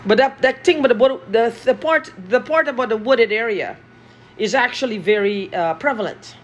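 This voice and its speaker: A husky woman, in an agitated vlog monologue. Her voice sits fairly high, and she swears and repeats phrases over and over. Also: moderate pace. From Guyana. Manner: agitated, profane, repeating herself.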